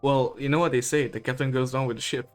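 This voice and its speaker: A man hosting a podcast in a relaxed way, often laughing and hesitating. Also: mid-range voice, fast talker. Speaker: podcast host. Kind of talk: casual podcast chat. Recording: slightly dull stream audio with faint music.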